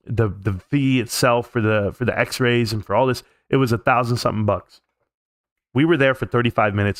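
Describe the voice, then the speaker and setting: A middle-aged man hosting a live stream, telling a personal story in a casual, rambling way and getting animated at the tense parts. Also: no room sound, clean studio sound. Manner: animated, jumps up in pitch when reliving tense moments.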